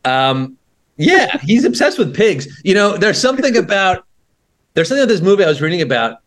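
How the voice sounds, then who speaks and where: A man's voice: high-pitched, sing-song, a little fast. Joking man rambling in podcast chat. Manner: joking, rambling with restarts and laughs. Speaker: podcast co-host. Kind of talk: casual film chat.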